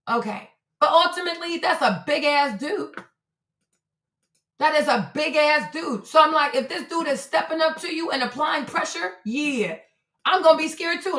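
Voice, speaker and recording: A woman's voice: high-pitched, animated, moderate pace, fairly bright tone. A woman hosting a casual livestream, talking loosely and animatedly, swearing freely and breaking into surprised exclamations. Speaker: livestream host. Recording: roomy echo.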